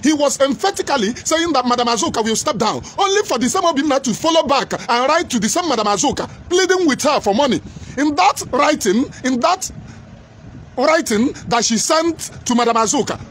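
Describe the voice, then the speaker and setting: Man, very high voice, lively, emphatic commentary, faint noise behind. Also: fairly quick. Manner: emphatic, repetitive storytelling. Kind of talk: political commentary monologue.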